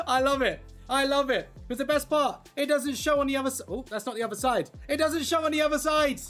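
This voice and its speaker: A livestream host and content creator chatting casually with viewers while colouring, excitable and gushing. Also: high-pitched, fairly quick, faint music behind. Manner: excitable and gushing, talking to chat.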